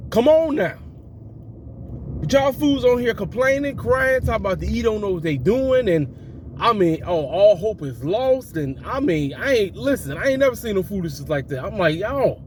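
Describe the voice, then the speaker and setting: A man ranting in casual, slangy commentary as a wrestling vlogger, animated and exasperated, recording in a car. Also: sits high, moderate pace, slight background noise.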